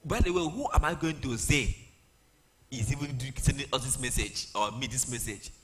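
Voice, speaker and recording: A man, retelling a Bible story in a humorous, animated sermon with pidgin asides. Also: mid-range voice, normal speed, noisy background. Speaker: preacher.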